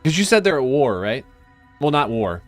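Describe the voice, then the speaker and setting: Tabletop player man, casual, mid pitch, thinks aloud with restarts. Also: big pitch swings, normal speed, soft background music. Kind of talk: casual tabletop game talk.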